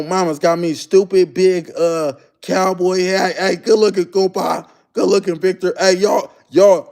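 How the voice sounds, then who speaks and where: A young man with hosts a casual livestream, his voice sitting a little high for a man. He chats loosely in slang and keeps breaking off to greet viewers by name. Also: a little mellow. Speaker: livestream host.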